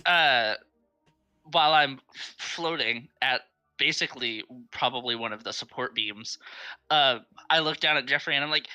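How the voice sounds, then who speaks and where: A woman's voice: a bass voice, normal speed, bright, forceful tone, clear, resonant tone, faint music behind. A woman player in a tabletop game, eager and easily startled. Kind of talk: casual game chat.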